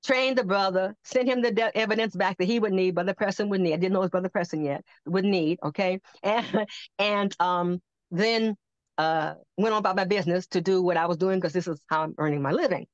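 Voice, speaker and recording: An older woman on a podcast telling a personal testimony, animated and acting out the voices she quotes. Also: medium pitch, fairly quick, no echo. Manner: animated storyteller who acts out quoted voices. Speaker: podcast guest. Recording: dull lo-fi dry sound.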